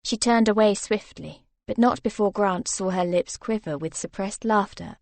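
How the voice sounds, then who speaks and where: A woman reading a romance novel aloud as narrator, soft and even in her storytelling. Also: medium pitch, moderate pace, creaky, no room sound. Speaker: audiobook narrator.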